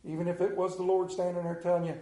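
A middle-aged male pastor preaching a sermon, telling the story with lively acted-out scenes and sudden drops to a hush. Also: fast talker. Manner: animated storytelling, acts out scenes with big pitch swings. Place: room with a congregation. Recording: echoey room.

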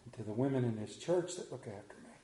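A middle-aged man preaching a sermon in a church, telling stories dramatically, building to near shouts and dropping to hushed tones. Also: mid-range voice, lively intonation, fast talker, slight background noise. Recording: echoey church room.

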